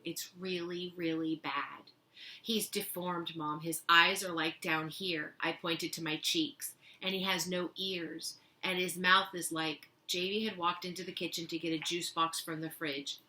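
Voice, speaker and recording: A woman reading a children's novel aloud as a teacher, giving the dialogue lively expression. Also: lowish voice. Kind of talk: storybook read-aloud.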